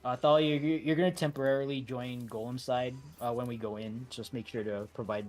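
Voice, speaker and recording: A man leading a game raid over voice chat, talking in a relaxed, halting way with many fillers and restarts. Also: mid-range voice. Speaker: raid leader.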